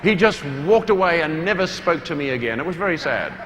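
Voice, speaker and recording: A man with a New Zealand accent giving a humorous talk to a large hall audience, animated and playful, with loud acted-out quotes. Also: on the high side, a little fast. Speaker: motivational speaker. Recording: reverberant hall, faint room noise.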